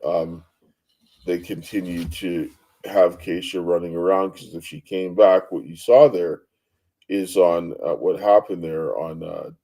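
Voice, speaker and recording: Male guest, dark mellow tone, slow delivery, many fillers. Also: low-pitched, fairly even intonation. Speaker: interview guest. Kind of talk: remote interview.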